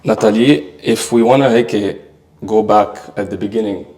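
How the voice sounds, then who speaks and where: A man hosting an interview, briskly reading out his guest's achievements. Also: on the low side, darkish tone. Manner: brisk, reads out a list. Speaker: podcast host. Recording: echoey room.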